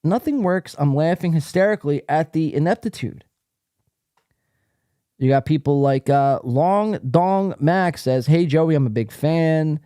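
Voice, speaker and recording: A man's voice: fairly high pitch, a little slow, mellow, clear, resonant tone, no room sound, studio quality. A male podcast host giving casual, profane, mocking commentary while reading out online posts. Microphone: desk mic, acting up.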